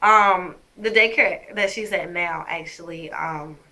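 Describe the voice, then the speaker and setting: Woman vlogger with a bright, pointed voice, addressing her viewers emphatically and with indignation. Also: on the low side, a little slow. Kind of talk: personal storytelling to camera.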